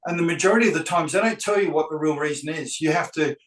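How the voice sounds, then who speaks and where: A man's voice: a little high, quick pace, a bit bright, roomy sound, distant mic, low-quality recording. A man, a real estate agent, tells a story animatedly and acts out both sides of the dialogue. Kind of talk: anecdotal storytelling.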